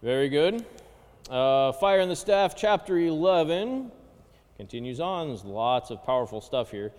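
A man's voice: fairly high pitch, big pitch swings, a little mellow. Man teaching a Bible class in a reverberant hall. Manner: checks in with listeners, constant "okay?" and "right?"; reads Greek and Hebrew phrases aloud slowly. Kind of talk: Bible study lesson.

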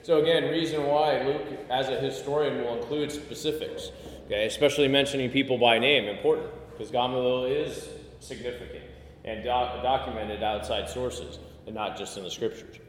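A man's voice: mid-range voice, normal speed, a little hiss or hum. A man teaching a Bible study class in a conversational way, asking the group questions and explaining Greek words. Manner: conversational, asks the class questions, many "okay"s. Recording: echoey room with long reverb.

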